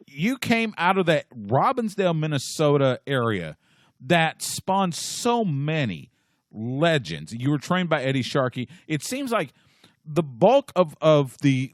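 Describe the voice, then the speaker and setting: A male podcast host with a fairly high, lively voice. He asks questions in a casual, halting way and often repeats words. The recording is dry and close. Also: no echo. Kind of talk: casual interview chat.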